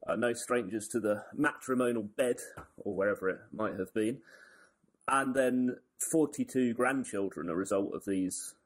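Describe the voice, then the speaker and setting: Wry man with low voice. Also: moderate pace. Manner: wry, joking asides. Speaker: podcast co-host. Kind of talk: casual history chat.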